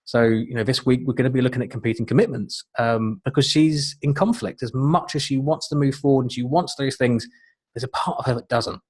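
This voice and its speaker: A man's voice: mid-range voice, brisk, breathy edge. A middle-aged man, a life coach, giving an earnest, encouraging webinar talk with frequent fillers. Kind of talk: webinar presentation.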